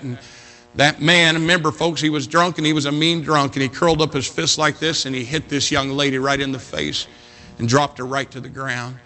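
Bright-voiced preacher man telling a story. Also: a little high, steady tone, fairly quick. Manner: dramatic storytelling, swings between loud appeals and hushed retelling. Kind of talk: sermon.

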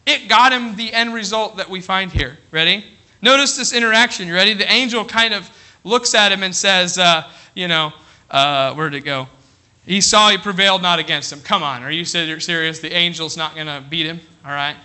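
In a church, a man with a high voice delivers a sermon that's very bright and forceful. He keeps asking the congregation if they're ready, and his voice becomes slower and quieter whenever he reads from scripture.

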